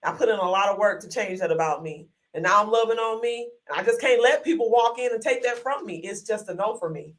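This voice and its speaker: A woman's voice: mid-range voice, fast, few pauses, recorded from a distance, poor audio. A woman hosting a live online workshop, chatty and encouraging, full of y'all, calling viewers honey and sugar into a desk microphone. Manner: folksy, uses y'all often. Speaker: workshop host.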